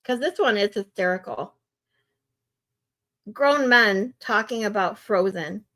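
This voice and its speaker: A woman's voice: medium pitch, expressive, takes it slowly, fairly bright tone. A woman hosting a live stream, chatty and often laughing. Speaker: streamer host. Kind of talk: casual live-stream chat.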